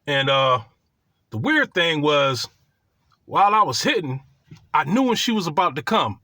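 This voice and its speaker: Animated, husky-voiced man telling a story. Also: fairly high pitch, unhurried, no room sound, studio quality. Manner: profane, boastful and animated. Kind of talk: casual storytime monologue.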